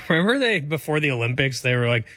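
A man chiming in as a radio co-host, relaxed and wry. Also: on the high side, normal speed, no echo. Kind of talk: casual studio banter.

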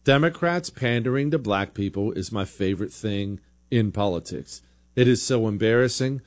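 A man's voice: lowish voice, lively intonation, moderate pace. A man hosting a political talk show, giving blunt, sarcastic opinion commentary in a conversational way.

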